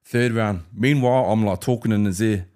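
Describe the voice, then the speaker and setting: Male ex-fighter guest, New Zealand accent, low relaxed storyteller. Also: moderate pace. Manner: animated storyteller, acts out fight banter and laughs. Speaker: former UFC fighter, guest. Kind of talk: casual storytelling interview.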